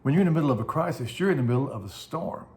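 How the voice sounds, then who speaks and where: A man's voice: mid-range voice, animated, rapid-fire, darkish tone, a little hiss or hum. A man pastor giving a short devotional message, telling stories in a folksy way that livens up at dramatic moments.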